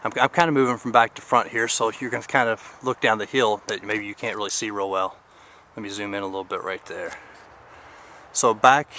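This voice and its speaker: A man's voice: fairly low pitch, fairly even intonation, brisk, sharp tone, slight background noise. Rambling man touring his land. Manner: rambling, filler-heavy, pointing things out. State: a little out of breath. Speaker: podcast host giving a garden tour. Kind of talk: casual outdoor video tour. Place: outdoors on rural property.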